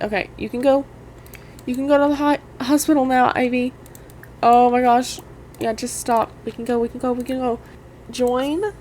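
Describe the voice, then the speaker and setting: A young woman chats over her gameplay with gushing, nervous excitement, talking directly to her audience. Her voice sits slightly high. Faint background noise runs under the recording. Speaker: gaming YouTuber. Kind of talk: casual gameplay commentary.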